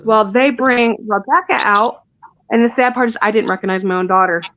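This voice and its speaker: A woman's voice: fairly high pitch, fairly quick, fairly bright tone, low-quality recording. A woman, a guest in an interview, recounting a painful personal story in a rush, with restarts and asides. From Indiana. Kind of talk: emotional personal account.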